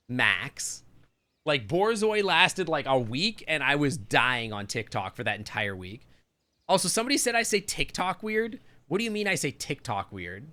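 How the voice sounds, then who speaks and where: A man with a Canadian accent chatting loosely through a live game stream, rambling and thinking out loud. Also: medium pitch.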